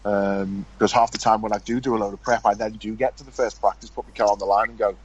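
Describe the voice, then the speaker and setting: A man's voice: fairly low pitch, fairly even intonation, quick pace, husky, dull audio. A man hosting a podcast, chatty and joking, often stumbling over his words. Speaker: podcast host. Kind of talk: casual podcast chat.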